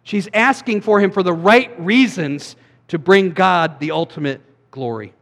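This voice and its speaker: High-voiced man preaching in a reverberant hall. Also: vocal fry, fairly bright tone. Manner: conversational preaching with quick asides. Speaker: pastor. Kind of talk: sermon.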